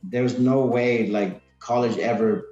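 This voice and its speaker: Over soft background music, a man of around forty, a retired Marine in his 40s, rambles casually through stories as a podcast guest, restarting often. His voice is mid-range, steady, unhurried and mellow, and the sound is roomy and dull.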